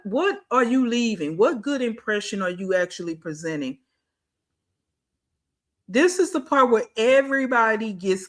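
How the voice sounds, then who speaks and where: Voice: medium pitch, a bit bright. A reaction channel host giving casual commentary in slang, scolding with one rhetorical question after another. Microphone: streaming setup mic.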